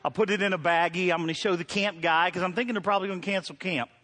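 A middle-aged man preaching a sermon as pastor, telling stories from his week, going from hushed asides to loud preaching. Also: high voice, steady tone, very fast. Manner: storytelling, swings from quiet to loud preaching.

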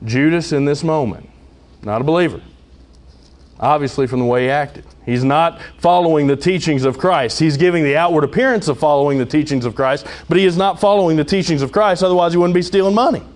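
A man's voice: on the high side, a little fast. A man preaching a sermon as pastor, conversational with humorous asides and dramatic retellings.

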